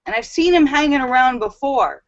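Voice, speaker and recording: Young woman chatting on her home livestream, higher voice, lots of ums, muffled webcam audio. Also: normal speed. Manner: chatty, animated storytelling with fillers. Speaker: live stream host. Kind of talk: casual live stream chat.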